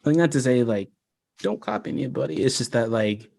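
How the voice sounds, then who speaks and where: A creaky, medium-pitched voice speaks briskly as an American man discusses the fantasy world he created during a casual livestream. Laid-back and rambling, he fills his talk with "like" and laughs a lot. No room sound is audible.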